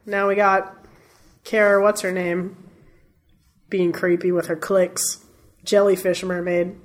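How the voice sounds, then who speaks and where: A woman's voice: fairly low pitch, flat delivery, takes it slowly. A woman hosting a movie podcast, blunt and cheerful, often laughing. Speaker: podcast host. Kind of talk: casual movie review chat.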